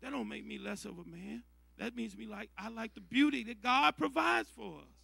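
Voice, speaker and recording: A man's voice: sits high, moderate pace, creaky, sharp tone, breathy edge. A middle-aged man preaching a sermon in a conversational way, repeating and restarting his phrases.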